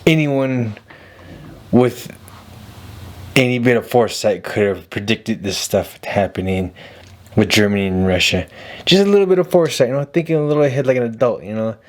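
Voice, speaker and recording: A man's voice: medium pitch, lively intonation, normal speed. A man hosting a casual commentary vlog, talking bluntly and rambling, repeating himself. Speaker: video host.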